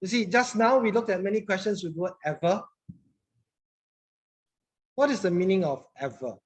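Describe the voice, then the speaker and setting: A woman's voice: mid-range voice, expressive, normal speed. A woman, teaching a class in a chatty manner, often repeating words and asking the class questions. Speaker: English teacher.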